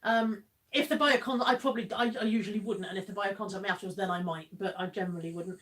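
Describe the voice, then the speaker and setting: A woman's voice: mid-range voice, quick pace, a bit bright. A woman hosting a casual live stream, chatting and reading out viewer comments with frequent laughter. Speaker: livestream host.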